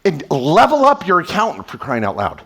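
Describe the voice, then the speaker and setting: A man speaking as a tax attorney at a live event, energetic and sarcastic, slipping into quoted voices, on a stage microphone. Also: a little high, a little fast. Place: event stage before an audience.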